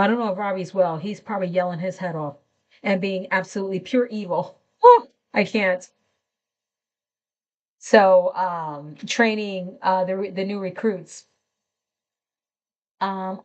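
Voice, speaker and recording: A woman's voice: medium pitch, muffled recording. A middle-aged woman hosting a live craft tutorial, chatting enthusiastically and greeting viewers by name as she works.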